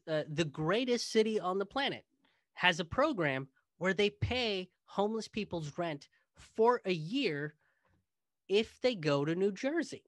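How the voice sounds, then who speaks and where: A man's voice: high-pitched, fairly bright tone, no room sound, clean studio sound. A male comedian hosting his show, delivering a sarcastic comedic monologue. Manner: sarcastic, mocking. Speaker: comedian host.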